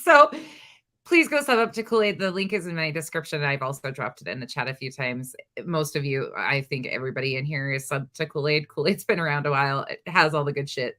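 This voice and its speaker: Bright, sarcastic woman commentator. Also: deep voice. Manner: sarcastic, pointed. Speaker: commentary channel host. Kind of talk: drama commentary.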